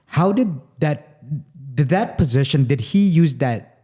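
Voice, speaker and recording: A man's voice: fairly high pitch, expressive, measured pace, dark tone, husky. A man hosting an interview, asking long, rambling questions full of fillers and restarts. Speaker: interviewer, host.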